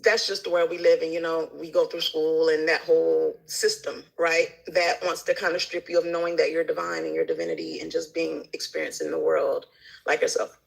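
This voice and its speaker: Gravelly-voiced woman chatting animatedly. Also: low-pitched, brisk, rough recording. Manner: animated storytelling, acting out quoted people. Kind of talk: casual chat.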